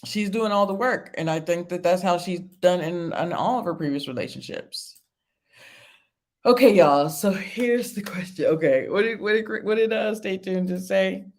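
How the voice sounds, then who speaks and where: A woman with a lowish, slightly mellow voice hosts a casual stream reviewing reality TV, speaking at a moderate pace. She's emphatic, repeating phrases for effect, laughing a lot, and responding to viewer comments.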